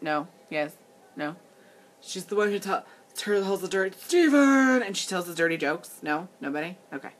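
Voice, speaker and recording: A woman's voice: on the low side, steady tone, normal speed. A woman hosting a live makeup tutorial, chatting casually with viewers and laughing often. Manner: giggly, talks straight to viewers, easily amused. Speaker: makeup demonstrator and livestream host.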